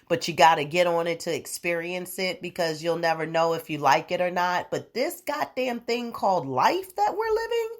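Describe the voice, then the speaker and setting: A young adult woman hosting her own podcast, chatting casually in a rambling, profane way with frequent laughs. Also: mid-range voice. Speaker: podcast host. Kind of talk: casual solo podcast chat.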